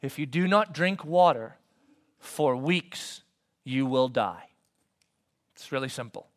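A man giving a conversational sermon as a pastor, swinging from loud emphasis to soft whispers and asking his listeners questions. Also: medium pitch, lively intonation, slow pace. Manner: conversational, asks the congregation questions.

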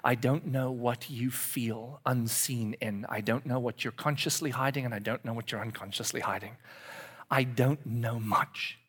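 A man's voice: medium pitch, moderate pace, few pauses, breathy edge. Man in his forties preaching confessionally. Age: 40s. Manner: confessional, swings from hushed whispers to loud animated outbursts. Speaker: pastor. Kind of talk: sermon.

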